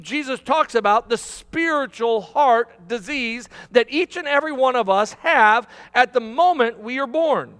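A man preaching in a church sanctuary, his voice sitting very high for a man. He pushes his points with emphatic repetition and restarts, and the sound rings with a long hall reverb. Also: a bit bright. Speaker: pastor. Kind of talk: sermon.

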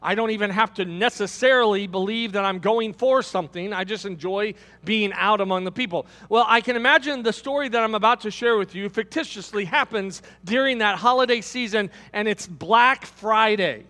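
A male pastor, preaching a sermon in an animated storytelling manner and asking the congregation questions. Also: high voice, moderate pace, few pauses, long reverb tail.

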